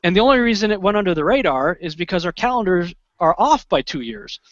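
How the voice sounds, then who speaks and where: A man guest in an interview, telling a story in an animated, excitable way, often restarting and acting out what he said in the moment. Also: sits high, fast, dry recording. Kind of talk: conversational storytelling. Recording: dull lo-fi sound.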